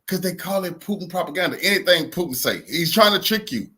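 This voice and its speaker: Husky ranting male commentator, heated. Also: animated, quick pace. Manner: heated, emphatic, swings between loud outbursts and low mutters. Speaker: commentator reacting to a clip.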